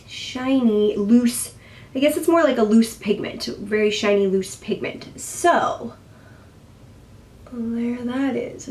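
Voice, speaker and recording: A woman's voice: fairly high pitch, darkish tone. Chatty, self-deprecating woman vlogger. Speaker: beauty vlogger. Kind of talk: casual product review.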